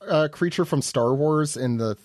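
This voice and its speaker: A man co-hosting a podcast in casual chat, talking in an animated, hesitant way with many likes and restarts. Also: on the high side, normal speed, no room sound, studio quality.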